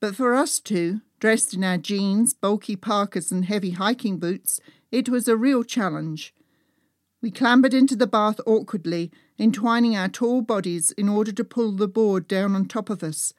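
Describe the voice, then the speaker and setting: A woman's voice: medium pitch, normal speed, no echo, studio quality. A woman narrating a first-person story as an audiobook, reading dramatically and dropping to a whisper in tense moments.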